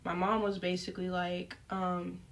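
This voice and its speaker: Young woman telling a lively story. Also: lowish voice, normal speed. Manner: animated, lively retelling with frequent fillers. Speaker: vlogger. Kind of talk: casual storytime. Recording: voice picked up from a distance.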